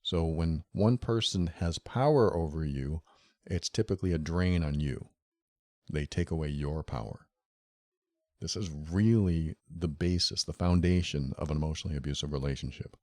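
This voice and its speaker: A low-voiced man talks earnestly through a solo podcast episode. He speaks straight to the listener and circles back to his key phrases again and again. The sound is close and dry, with no room around it. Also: moderate pace, darkish tone, no room sound. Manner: earnest, repetitive, addresses listener directly. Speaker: podcast host. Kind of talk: solo podcast talk on relationships.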